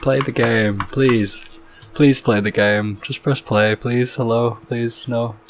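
An excitable man rambles through casual gameplay commentary at a desk microphone, cursing freely. His voice sits at an average pitch and breaks into sudden loud outbursts. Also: slow pace. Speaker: gaming YouTuber.

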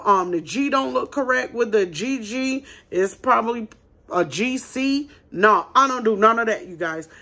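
Woman, small business owner and vlog host; blunt, emphatic advice, bright higher voice. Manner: emphatic, blunt, talks straight to viewers as "you guys". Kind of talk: casual advice chat.

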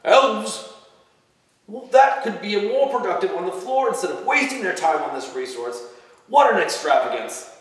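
A man's voice: high voice, sing-song, normal speed, pitched above the performer's own voice. A man reading a story aloud, voicing a stern, bossy Santa who bellows orders. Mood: commanding. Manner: bellowing, commanding. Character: stern bossy old male Santa boss. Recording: echoey hall from far off.

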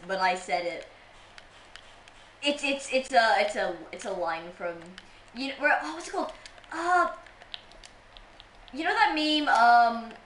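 Bright, high-voiced playful woman streamer. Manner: playful, teasing, laughs often. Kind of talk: casual gaming livestream chat. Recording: roomy room sound with faint noise.

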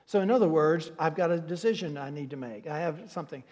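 Earnest pastor teaching in a hall. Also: male voice, on the high side, quick pace, darkish tone. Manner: earnest, many restarts and repeated words. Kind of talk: church Q&A teaching.

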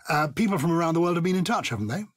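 A man's voice: fairly high pitch, lively intonation, racing, no echo. An older man co-hosting a podcast, chatting playfully and theatrically and reading listener letters aloud. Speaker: podcast co-host. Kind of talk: casual chat about words.

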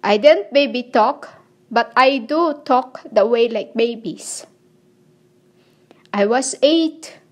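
Woman, high-pitched, slow, halting fragmented phrases, rambling spiritual monologue, pleading tone. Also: a little mellow. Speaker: self-proclaimed spiritual messenger.

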